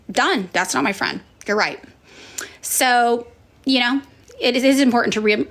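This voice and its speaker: A woman's voice: a little high, a bit bright. A woman in her thirties talking straight to her viewers in a loose, conversational way. Her voice sits a little above the middle, and she stops, restarts and fills the gaps with ums and likes. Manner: conversational, frequent fillers and restarts. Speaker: political commentator. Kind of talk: casual chat answering viewers.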